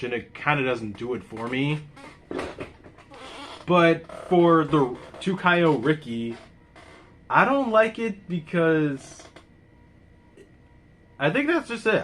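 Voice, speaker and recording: Slow, animated man reviewing a show. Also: a little high. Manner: rambling, laughs often, exclaims loudly. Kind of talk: casual review talk.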